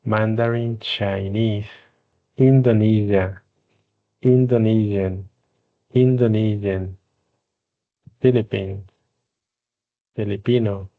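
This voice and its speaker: A man with a Spanish-speaking accent teaching English pronunciation, saying each word slowly and distinctly. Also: lowish voice. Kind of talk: slow pronunciation drill, listing words. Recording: dull lo-fi sound.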